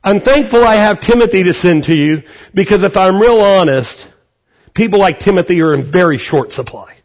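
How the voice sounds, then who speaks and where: A male pastor preaching a conversational sermon, acting out quotes with animated energy. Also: sits high, normal speed, dull audio.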